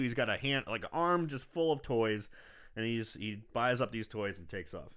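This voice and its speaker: A man with a mid-range voice co-hosts a casual podcast, recapping a film at a moderate pace with frequent pauses. He's animated, swears a lot, and acts out quoted lines in bursts.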